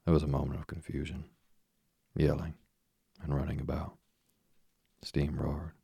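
A man narrating a first-person story in a measured, steady storytelling manner. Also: very deep voice, vocal fry, breathy edge, no room sound, studio quality. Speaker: audiobook narrator.

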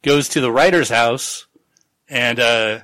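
A man hosting a relaxed book podcast, retelling a novel's plot in a loose, rambling way, full of profanity and acted-out asides. His voice is bright and forceful, at an ordinary male pitch. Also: takes it slowly. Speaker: podcast host. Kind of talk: casual book-discussion podcast.

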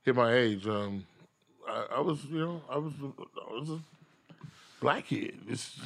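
A man, a comedian, telling stories in casual chat, laughing often and acting out his own quotes loudly. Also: mid-range voice, unhurried, vocal fry. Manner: animated, laughing, profane, acts out quotes loudly.

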